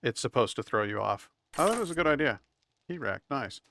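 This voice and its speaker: A man's voice: mid-range voice, animated, fairly quick, vocal fry, pushed and bright, slight background noise. A man casually commentating his own survival game stream, wry and chatty, talking to himself as he plays.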